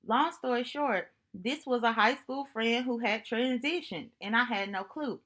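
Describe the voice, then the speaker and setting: A woman speaking to camera in an earnest, reflective monologue, telling personal stories in an unhurried way and often repeating herself for emphasis. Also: on the high side, fairly bright tone. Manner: earnest, thoughtful, unhurried storytelling with repetitions. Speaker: vlogger.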